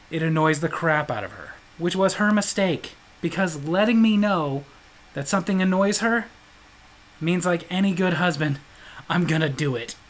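A man's voice: high-pitched, low-quality recording. A man hosting his own show, telling comic stories with jokes and frequent laughter. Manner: joking, animated, laughs often. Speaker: host. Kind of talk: comedic storytelling.

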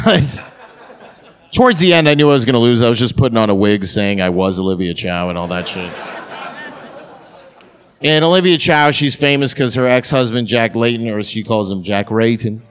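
A man's voice: mid-range voice, expressive, normal speed, long pauses. A man performing a crude, brash stand-up comedy set on a theatre stage. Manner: crude, brash punchline delivery.

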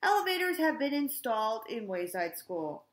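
A loud, self-satisfied school principal booms his rules at the children, as a woman puts him on. He sounds fussy and bossy, and his voice rings around a roomy, echoing space. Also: sing-song, normal speed. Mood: pompous. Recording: echoey room.

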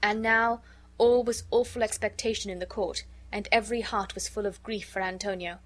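An audiobook narrator, she reads a classic story in a mid-range voice, keeping the pace even and measured.

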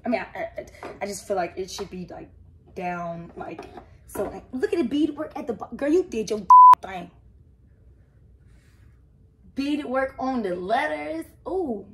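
An excitable young woman talks casually through an unboxing, gushing and exclaiming in a slightly high voice. Her reactions swing between loud delight and softer, touched murmurs, with plenty of slang. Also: measured pace, long pauses, a little hiss or hum. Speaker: vlogger opening gifts.

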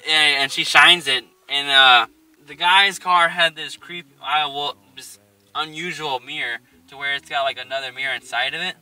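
A young man casually telling a spooky story, animated and profane, laughing often. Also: on the high side, moderate pace, dry recording. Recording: distant mic.

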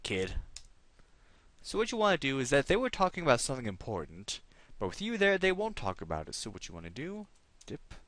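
Lively man narrating a game playthrough. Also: mid-range voice. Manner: chatty, reads game text aloud. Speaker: let's play host. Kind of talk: let's play commentary.

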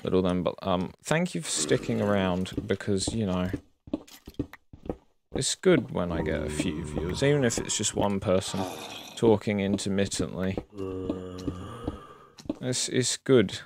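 A man's voice: deep voice, animated, a little slow, gravelly, long pauses. A man streaming a video game, rambling casually and swearing as he plays. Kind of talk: casual live-stream commentary. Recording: noisy home stream recording.

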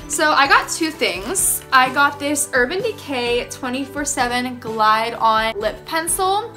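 Young female vlogger, high-pitched and gushing, faint music underneath. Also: pushed and bright. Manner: gushing, gasping, easily thrilled. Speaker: beauty vlogger. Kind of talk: excited casual vlog talk.

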